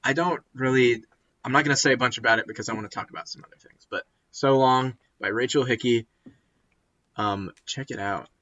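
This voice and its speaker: A young man with a bright, sharp-edged voice rambles through a casual chat, stopping and restarting his thoughts. He sounds worn out. The recording is muffled and lo-fi. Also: medium pitch, a little fast. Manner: rambling, self-interrupting. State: tired. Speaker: podcast co-host. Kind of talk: casual chat about music.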